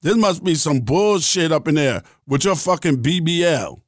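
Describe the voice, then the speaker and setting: A man's voice: a little high, expressive, normal speed, no room sound, studio quality, natural voice. A man mimicking a brash young mother. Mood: defiant. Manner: loud, dismissive, profane. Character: brash young mother defending her son.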